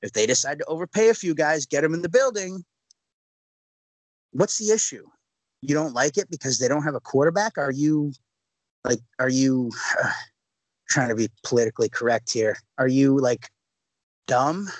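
A man co-hosting a sports podcast in casual chat, animated and ranting with rhetorical questions. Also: mid-range voice, normal speed, long pauses, no echo, low-quality recording. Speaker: podcast co-host.

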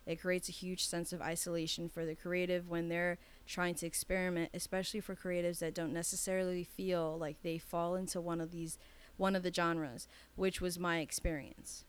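Smooth-voiced woman, podcast co-host. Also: fairly low pitch, level tone, moderate pace. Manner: candid, swears freely. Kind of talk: casual chat.

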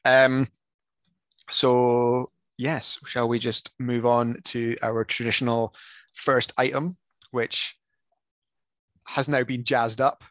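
A man chats and teases on a casual podcast, filling pauses with ums. His voice sits mid-range. The sound is dry and close. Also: medium pitch, no echo. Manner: relaxed, chatty, teasing, lots of ums. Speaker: podcast co-host. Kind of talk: casual chat.

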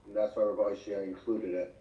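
A man's voice: lowish voice, level tone, fairly quick, reverberant. A male student hesitantly adding a correction to his teacher on a video call. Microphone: far from the mic on a video call. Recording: dull distant call audio.

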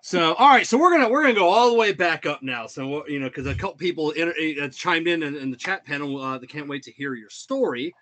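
A man's voice: a little high, expressive, quick pace, few pauses, fairly bright tone. A male podcast host chatting casually, laughing often and stumbling over repeated words as he starts sentences. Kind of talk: casual chat.

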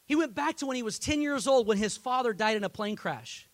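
A man preaching a sermon as pastor, telling a story that swells into loud, impassioned peaks. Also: extremely high pitch, lively intonation, fairly quick, no room sound.

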